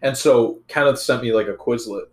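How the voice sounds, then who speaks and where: A young man talks in a loose, laid-back way, with plenty of swearing. His voice has a medium pitch, and the room gives it a noticeable echo. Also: moderate pace. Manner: laid-back, profane storytelling. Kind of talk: casual chat.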